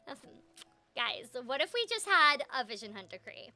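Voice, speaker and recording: A bubbly young woman chatting through a video game, her voice high and strikingly bright. She giggles a lot and leans on "like" as she talks. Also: very animated, normal speed. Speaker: voice actor streaming a game. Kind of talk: casual gameplay commentary.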